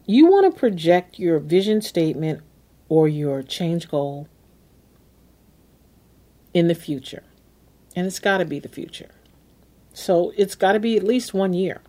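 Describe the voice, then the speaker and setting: A woman with a low-leaning, dark-toned voice hosts a self-help podcast, giving motivational talk. She coaches listeners step by step and keeps repeating key phrases.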